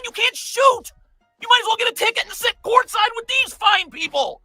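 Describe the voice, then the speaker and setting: Exasperated male hoops analyst, very high and bright, yelling film breakdown. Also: expressive, normal speed, dry recording, faint music behind. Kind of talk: heated film breakdown commentary.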